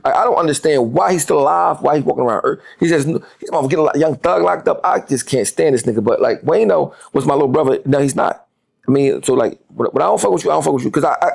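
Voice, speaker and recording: Animated, gravelly-voiced guest in his forties. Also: a little high. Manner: animated, profane, repeats words when worked up. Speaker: interview guest. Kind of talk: heated podcast interview.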